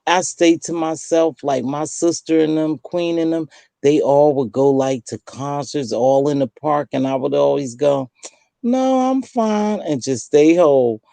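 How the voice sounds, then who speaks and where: A woman in her sixties hosting a casual late-night chat, telling lively stories and acting out the voices she quotes. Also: low-pitched, unhurried, gravelly, no room sound. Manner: lively storyteller who acts out quoted voices. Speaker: host.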